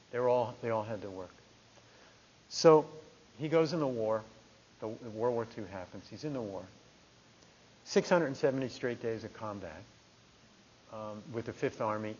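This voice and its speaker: A middle-aged man from New Jersey giving a meditation talk, telling a personal story in a lively conversational way. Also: fairly low pitch, a little hiss or hum. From New Jersey, USA. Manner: conversational, animated storytelling with restarts. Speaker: meditation teacher. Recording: dull lo-fi talk recording.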